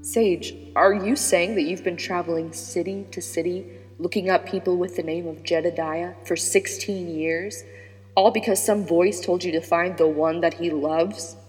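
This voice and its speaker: A woman's voice: fairly low pitch, steady tone, normal speed, a little mellow, close to an everyday voice. A woman voicing a skeptical, irritable man who speaks with impatient exasperation. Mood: exasperated. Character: skeptical, irritable grown man keeping vigil. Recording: long reverb with background music.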